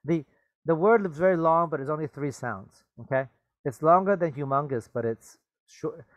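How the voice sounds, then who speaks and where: A man's voice: a little high, moderate pace, no echo. A man teaching a reading lesson, reading a story aloud and patiently explaining the words, often checking with "okay?" and "right?".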